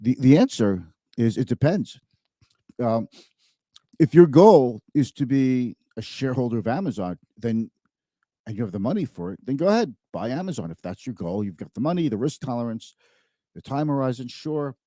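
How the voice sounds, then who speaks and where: A man's voice: medium pitch, very animated, normal speed, mellow, dry recording, studio quality. A man hosting a live-streamed finance talk show, speaking conversationally and emphatically, often repeating words.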